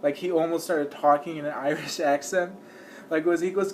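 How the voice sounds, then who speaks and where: A man's voice: a little high, fairly even intonation, normal speed, darkish tone, a little hiss or hum. A man giving casual commentary in a rambling way, full of fillers, and acting out the people he describes. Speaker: video creator.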